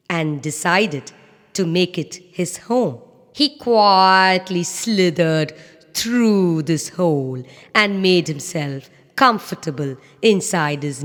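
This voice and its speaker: A woman narrating children's animal stories in a slow, very expressive, sing-song way. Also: fairly low pitch. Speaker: storyteller. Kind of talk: scripted children's story narration. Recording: echoey reverb.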